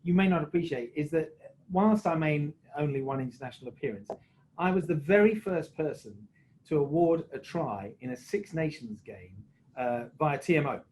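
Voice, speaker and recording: A man's voice: a little high, lively intonation, normal speed, a little mellow, a little hiss or hum, rough recording. A man, a former rugby referee, telling jokey, self-mocking anecdotes on a video call. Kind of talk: anecdotal storytelling on a webinar.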